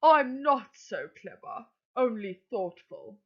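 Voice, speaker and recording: A sly, flattering male fox, played by a woman reading to her class, drawing out his sweet words slowly. His pitch rises and falls in a lively way. The audio is dull and lo-fi. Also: slightly rough, heavily acted. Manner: slow, sugary, flattering. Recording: dull lo-fi recording.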